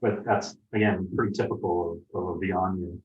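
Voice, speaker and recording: A sommelier host in casual wine tasting chat, explaining at length with many fillers and restarts. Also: male voice, sits low, fairly even intonation, normal speed, a little mellow, a little hiss or hum. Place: room in a home. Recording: echoey room, distant dull mic.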